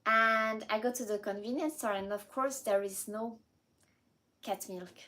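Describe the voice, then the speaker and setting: A woman's voice: a little high, a little slow, poor audio. Woman telling a story. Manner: animated, switches between English, French and Japanese fillers, laughs often. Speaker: vlogger. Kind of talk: casual storytelling to camera.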